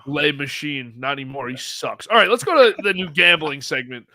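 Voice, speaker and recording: A man's voice: on the high side, normal speed, bright, forceful tone, no echo. A man co-hosting a baseball podcast, teasing and laughing through casual chat. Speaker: podcast co-host.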